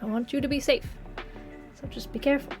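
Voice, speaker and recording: A woman's voice: high voice, fairly even intonation, fast, a little mellow, faint music behind. A woman in her late twenties streaming games, chatting casually and rambling with viewers, laughing often, with a slightly congested, phlegmy throat. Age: late 20s. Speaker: game streamer.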